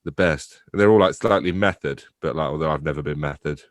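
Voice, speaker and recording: A man's voice: extremely low pitch, quick pace, no room sound. A young adult man, chatting casually as a podcast guest, rambling, swearing freely and laughing often. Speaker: podcast guest, theatre company director. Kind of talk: casual conversation.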